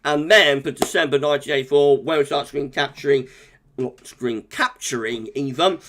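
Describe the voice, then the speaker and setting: A man hosting a weather livestream, chatting casually and greeting viewers by name in quick, upbeat bursts. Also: mid-range voice, a bit bright, a little hiss or hum. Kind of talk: casual live-stream chat, reading out viewer comments.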